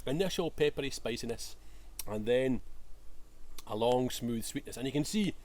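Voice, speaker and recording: A Scottish man talks through a whisky tasting in a relaxed, enthusiastic way. He stops often for fillers and restarts as he goes. His voice sits at an ordinary middle pitch. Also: normal speed. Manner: hesitant, many fillers, enthusiastic. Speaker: whisky bottler presenting a tasting. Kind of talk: casual tasting presentation.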